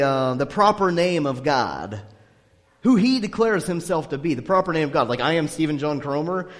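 A male pastor preaching a sermon in a church, chatty and animated, with many fillers. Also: fairly high pitch. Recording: long hall reverb.

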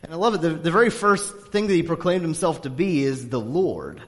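Brief: conversational male pastor, slightly higher voice, storytelling sermon, long hall reverb. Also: a little fast. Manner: conversational, animated storytelling with many fillers.

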